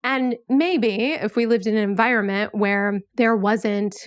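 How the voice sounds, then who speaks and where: A woman's voice: medium pitch, a little slow, dry recording, studio quality. A woman hosting a podcast, chatting casually and animatedly with lots of fillers. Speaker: podcast host. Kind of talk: casual conversational interview.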